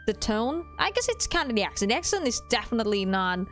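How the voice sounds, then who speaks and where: A woman streams a visual novel with casual, foul-mouthed chatter, laughing a lot and geeking out about languages. Her voice is slightly high, fairly bright and very animated, moving at a quick pace with faint music in the background.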